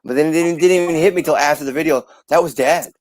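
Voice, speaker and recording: A middle-aged man telling a heartfelt personal story in a live video chat, earnest and repeating himself, his voice rising high when moved. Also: quick pace, dry recording, poor audio. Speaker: guest.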